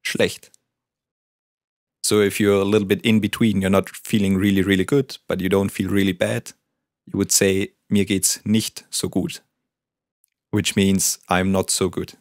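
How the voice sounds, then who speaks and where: A man's voice: sits low, level tone, normal speed, no room sound, clean studio sound. A man whose first language is German, patiently teaching and modelling pronunciation in a lesson.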